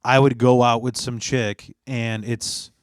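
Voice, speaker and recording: A man in casual podcast chat, rambling with many fillers and frequent swearing. His voice sits at an average pitch. The sound is dry and close. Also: level tone, takes it slowly, smooth, dry recording. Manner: rambling, profane, lots of fillers. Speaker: podcast co-host.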